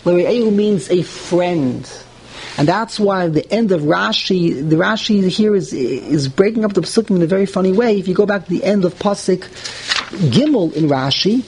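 Guy teaching a text, high voice, bit of hiss behind him. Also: normal speed, poor audio. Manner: translates phrase by phrase, animated and indignant at points. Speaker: Torah teacher. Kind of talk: text study class.

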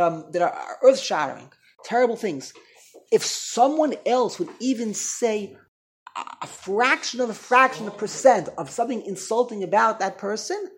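A woman teaching a Torah class to a small group, switching into Hebrew and Yiddish terms, animated and acting out what people say, recorded on a tape recorder in the room. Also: medium pitch. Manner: animated, acts out quoted speech.

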